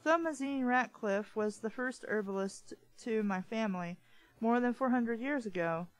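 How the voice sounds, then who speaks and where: A woman reading the lines of a charming, smooth-talking upper-class English gentleman from a novel, in a polite, persuasive manner. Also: fairly high pitch, normal speed, lightly acted, low-quality recording.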